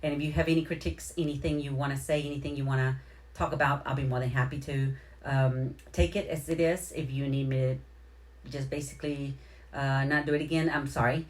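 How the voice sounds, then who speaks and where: Low-voiced woman hosting a chatty livestream. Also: fairly even intonation, brisk. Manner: effusive, rambling, repeats her thanks; heartfelt, near tears at moments. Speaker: livestream host. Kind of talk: casual live-stream shout-outs to viewers.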